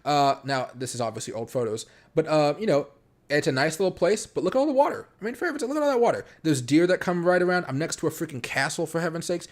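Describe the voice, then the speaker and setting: A man's voice: a little high, animated. Rambling male crypto streamer. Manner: rambling, fast-talking with many fillers and restarts. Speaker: crypto live-stream host. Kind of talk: casual late-night live stream. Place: home room.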